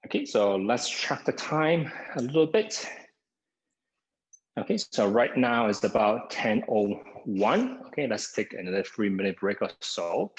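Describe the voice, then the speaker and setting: Over a video call microphone, a slightly breathless man runs a live online workout from home, beginning most cues with "okay" and counting down the seconds. His fairly low voice swings widely in pitch at a measured pace, and the recording sounds rough.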